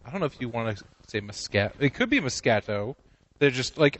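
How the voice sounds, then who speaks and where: A man's voice: mid-range voice, big pitch swings, brisk, fairly bright tone, low-quality recording. Casting: male comedy podcast co-host, rambling, jokey, casual. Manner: rambling, joking, many restarts.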